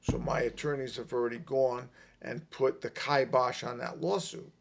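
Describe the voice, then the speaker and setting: A middle-aged man telling a long personal story on a podcast, emphatic and animated, repeating his points. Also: medium pitch, moderate pace, vocal fry. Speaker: podcast guest. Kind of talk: casual storytelling.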